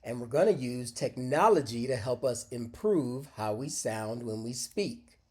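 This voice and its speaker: Slow, deliberate male English teacher. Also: mid-range voice, animated, a little mellow, slightly rough. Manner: slow, deliberate, encouraging, models phrases aloud for repetition. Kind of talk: scripted micro-lesson with screen demo.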